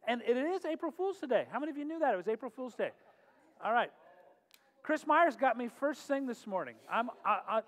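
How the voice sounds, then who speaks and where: Middle-aged man, pastor host, high-pitched, casual and joking, echoey church with faint music. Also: fairly bright tone. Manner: joking, chatty, laughs often. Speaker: pastor hosting a worship night. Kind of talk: casual humorous talk and prayer. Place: church sanctuary. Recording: long hall reverb, faint music.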